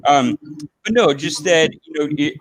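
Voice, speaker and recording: A man's voice: on the high side, measured pace, dry recording, low-quality recording. A man hosting a casual live stream, chatting in a rambling way with lots of fillers and restarts. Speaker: host.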